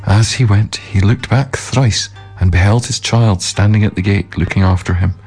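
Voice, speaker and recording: Deep male storyteller; measured, solemn folk-tale reading over faint music. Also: darkish tone, husky. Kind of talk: scripted narration of a folk tale.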